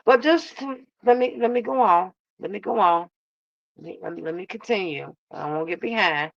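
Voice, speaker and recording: A woman's voice: medium pitch, a little fast, gravelly, no room sound, dull audio. A woman hosting a casual live reaction stream, drawling and sassy, calling her chat baby and love. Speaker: reaction channel host.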